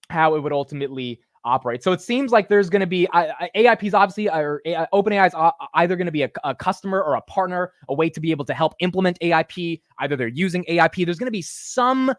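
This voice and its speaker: A young man delivers hyped market commentary in a fairly high voice, full of restarts and fillers. His voice sits close and dry against the mic, with no room sound. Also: dry recording. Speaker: stock market show host.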